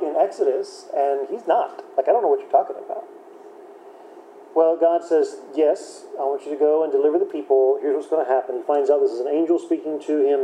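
A man's voice: fairly high pitch, dark tone. Man teaching a casual Bible class. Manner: conversational, chatty, self-correcting with light laughs. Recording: echoey room with faint background noise.

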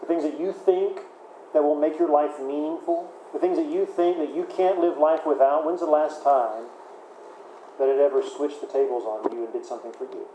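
A man's voice: fairly high pitch, fairly even intonation, normal speed, mellow, echoey room, a little hiss or hum, poor audio. A man preaching a sermon in a conversational way, often repeating words and using fillers. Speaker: pastor.

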